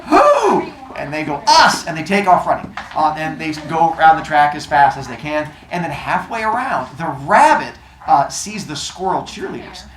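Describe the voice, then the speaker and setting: Animated joking teacher in an echoey classroom. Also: male voice, on the high side, normal speed, hardly any pauses. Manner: joking, animated, teasing students. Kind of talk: classroom lesson with storytelling. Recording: echoey classroom with student chatter.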